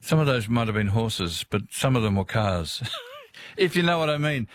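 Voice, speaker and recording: A man's voice: fairly low pitch, expressive, a little fast, no room sound. A middle-aged Australian man hosting a casual talkback radio show, chatting, reading listener messages and adding asides. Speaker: radio host.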